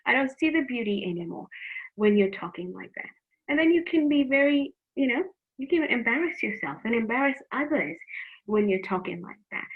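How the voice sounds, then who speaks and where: A woman's voice: on the high side, creaky. Earnest middle-aged woman on a tinny line. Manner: earnest, repeats words, frank advice. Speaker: youth program teacher. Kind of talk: faith-based talk to teens.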